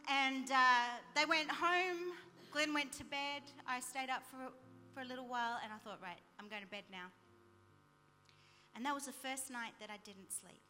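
Bright high-voiced woman, echoing hall. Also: normal speed, hardly any pauses. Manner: storytelling, animated with quoted dialogue. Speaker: speaker sharing testimony. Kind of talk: sermon-style personal testimony.

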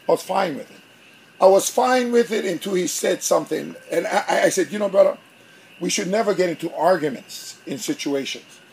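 A pastor preaching a sermon, telling a story with animation and acting out both sides of an argument. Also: male voice, high voice, creaky, husky.

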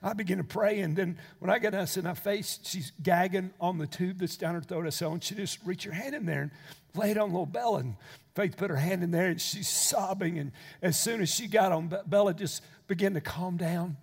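An older man preaching a sermon, moving from quiet storytelling into impassioned exhortation. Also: high-pitched, fairly quick, creaky, slightly rough, long reverb tail. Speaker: pastor.

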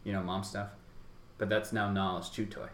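Low-voiced man in a roomy echo. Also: little pitch movement, moderate pace, slight background noise. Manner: rambling anecdotes, acts out quoted exchanges. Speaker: podcast co-host. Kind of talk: casual chat.

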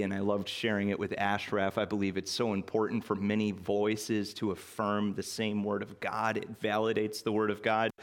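A male pastor preaching a sermon in a church in a conversational, folksy way, with light self-deprecating humor. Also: on the low side. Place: church sanctuary.

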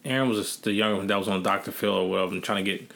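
A man with a low voice chimes in during casual podcast talk. His replies are short, relaxed and sprinkled with swearing. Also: rapid-fire, vocal fry. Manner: laid-back, short profane replies. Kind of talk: casual chat.

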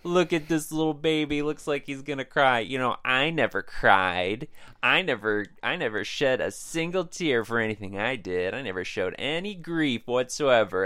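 Brief: a man playing a sleazy, gruff alley robber, slow and smooth, dry mic. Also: medium pitch, sharp tone, no echo. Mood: gloating. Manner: slow, gruff, mock-threatening. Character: menacing alley mugger, grown man. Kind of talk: improvised sitcom parody.

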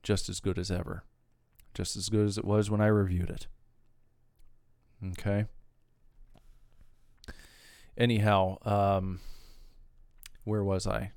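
A man's voice: on the low side, level tone, a little slow, pauses often, a little mellow, no room sound, studio quality. A man hosting his own podcast, talking casually in a rambling, profane rant that wanders off on tangents. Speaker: podcast host.

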